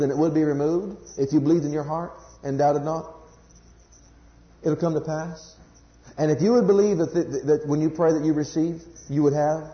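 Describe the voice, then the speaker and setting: Guy preaching a sermon, higher voice, booming then hushed, echoey muffled old church tape. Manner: swings from loud high emphasis to hushed low quoting, stumbles on words. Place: church congregation.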